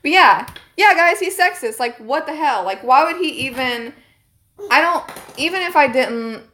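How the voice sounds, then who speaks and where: A young woman streamer telling a story to her viewers in casual chat, animated, indignant and swearing freely. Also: high voice, normal speed, slight background noise.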